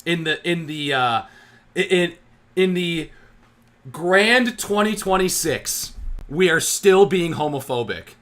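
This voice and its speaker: A man's voice: fairly high pitch, expressive, measured pace. A man hosting a sports fan channel, ranting with heat and sarcasm, often tripping over his words. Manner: heated, sarcastic, stumbling restarts.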